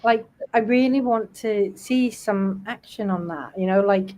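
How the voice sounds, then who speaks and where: A woman's voice: medium pitch, unhurried, darkish tone, rough recording. A British woman hosting a casual livestream panel chat, talkative and snarky, often breaking into laughter. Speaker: livestream host.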